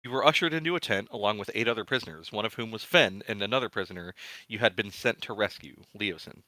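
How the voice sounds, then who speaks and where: Low-voiced casual game master. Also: male voice, quick pace, bright, forceful tone, dry recording, poor audio. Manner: casual, rambling, many fillers. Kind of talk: recapping a tabletop game session.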